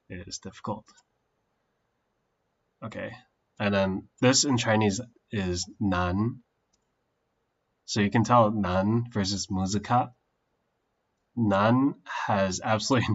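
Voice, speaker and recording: A man with a very low voice talks at an unhurried pace, thinking aloud with frequent pauses and fillers. The sound is somewhat dull and lo-fi, as from a modest streaming mic. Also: slightly rough. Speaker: language learner streaming his study. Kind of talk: casual study stream.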